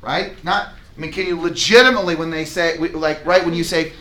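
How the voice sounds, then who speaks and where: Speaking a little high and a little fast, a man coaches real estate agents in a live sales training. He talks with energy and emphasis, role-playing client conversations in a training room with a whiteboard.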